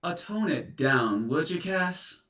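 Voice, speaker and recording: A guilt-ridden heartbreaker, played by a man stammers and flusters through apologies in a comedy sketch, speaking slowly with big swoops in pitch. His bright voice sounds distant, in an echoey room. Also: animated. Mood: flustered. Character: guilt-ridden serial dumper facing an ex's ghost.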